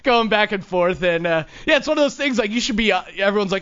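Hosting a casual talk show, this young man talks quickly in a high, animated voice that is clear, resonant and a bit bright. He tells stories and laughs a lot, though the audio sounds dull and lo-fi.

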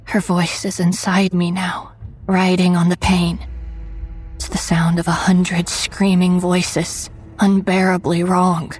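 A woman narrating a first-person horror story in a hushed voice that often drops to a whisper. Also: fairly low pitch, little pitch movement, takes it slowly, breathy edge, faint music behind, rough recording.

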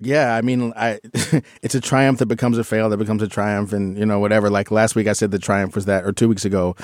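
A man's voice: on the low side, little pitch movement, brisk, no room sound, clean studio sound. A man co-hosting a podcast, talking casually in a rambling, self-correcting way. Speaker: podcast co-host. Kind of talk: casual chat.

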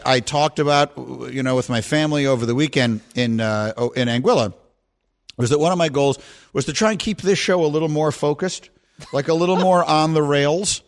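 Lively-pitched rambling sports radio host. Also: male voice, moderate pace. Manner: rambling, easily sidetracked, joking. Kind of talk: casual sports talk.

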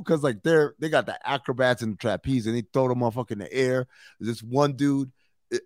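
Animated slangy male podcast host. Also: mid-range voice, brisk, dry recording, clean studio sound. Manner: animated storytelling, swearing and slang. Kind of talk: casual chat.

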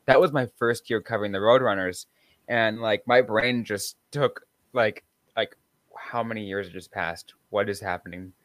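Twenties male co-host, lowish voice, dry close sound, rambling and excitable. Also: normal speed, dry recording. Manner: excitable, rambling, stumbles over words. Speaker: podcast co-host. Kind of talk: casual sports podcast chat.

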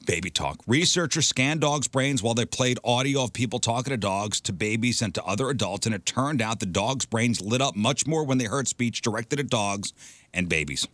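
Bright-voiced man reading radio stories. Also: mid-range voice, expressive, moderate pace, no echo. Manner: chatty, reads stories then riffs. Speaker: radio show host. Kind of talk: casual radio banter, reading news items.

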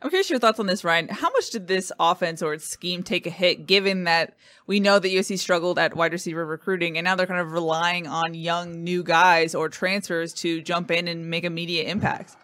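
Brief: show host, brisk and upbeat, sharp bright tone, dry close sound. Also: mid-range voice, no echo. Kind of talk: hosting a live call-in panel.

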